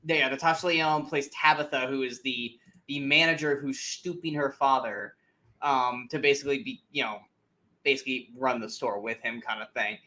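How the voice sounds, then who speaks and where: A man's voice: medium pitch, moderate pace. A man co-hosting a casual movie review podcast, ranting animatedly and swearing freely as he picks a film apart. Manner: animated, profane ranting with mocking asides. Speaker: podcast co-host.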